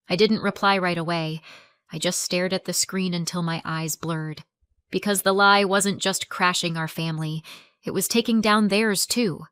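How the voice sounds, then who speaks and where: A woman narrating a story in a calm, measured storytelling voice. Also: lowish voice, smooth, no room sound.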